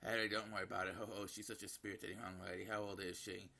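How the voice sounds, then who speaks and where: A kindly, chuckling old woman over sixty, as a man reads her lines. Friendly in manner. The voice stays low and gravelly. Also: little pitch movement, fast talker, bright, forceful tone, full character voice.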